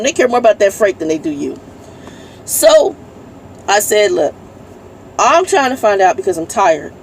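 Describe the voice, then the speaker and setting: A female truck driver sits in her parked cab for a casual vlog, irritably ranting, cursing and reading messages aloud. She speaks at a moderate pace in a gravelly mid-range voice that swings widely in pitch, pausing often over a slight hiss or hum.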